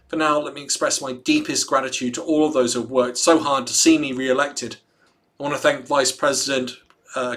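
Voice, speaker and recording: In a mid-range, slightly bright voice, a man running a casual livestream reads out a statement, pausing between lines to banter and joke with the people watching.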